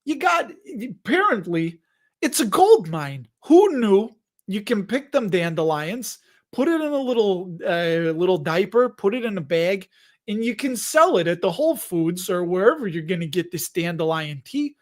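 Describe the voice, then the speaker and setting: A man's voice: sits high, big pitch swings, moderate pace. A man voicing a blunt, slangy Chicago neighborhood guy with a Chicago accent, ranting in a rambling way. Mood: grumbling.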